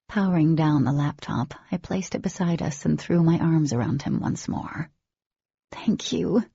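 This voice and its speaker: A woman narrating an audiobook in first person, with an expressive reading and a husky, creaky voice. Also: low voice, no echo, dull audio.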